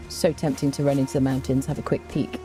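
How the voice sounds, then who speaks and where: A woman's voice: extremely low pitch, level tone, fast, over music. A woman streaming a game, chatting casually with viewers and humming little tunes to herself as she plays. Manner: greets chat viewers by name. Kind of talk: casual gameplay commentary.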